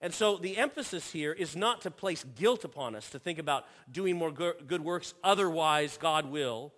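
A man's voice: a little high, lively intonation, moderate pace, fairly bright tone. A man preaching a sermon as pastor, earnest, often repeating and restarting phrases. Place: church sanctuary. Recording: long reverb of a church hall.

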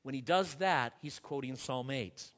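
A man preaching a sermon, building to forceful peaks and dropping low again, with frequent restarts. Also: unhurried. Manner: impassioned preaching, rising and falling in force, with restarts. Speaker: pastor.

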